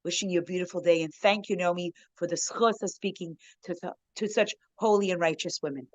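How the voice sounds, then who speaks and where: A woman guest speaker telling a heartfelt story to a women's circle, acting out the voices she quotes and growing softer and more moved toward the end. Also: lowish voice, steady tone, fairly quick, dry recording, low-quality recording. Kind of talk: emotional storytelling talk.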